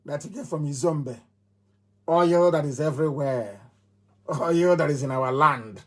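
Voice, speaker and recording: A man's voice: a little high, lively intonation, normal speed. A middle-aged man with a Nigerian accent giving a fiery live radio address, emphatic and repeating phrases like a chant. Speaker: movement leader on radio.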